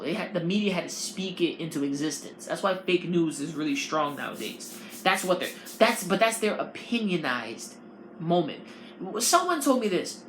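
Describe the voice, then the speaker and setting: A woman's voice: fairly low pitch, slight background noise. A woman hosting a podcast, ranting in a casual, profane and rambling way. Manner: animated, profane, rambling delivery. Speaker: podcast host. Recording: roomy, with faint ambience.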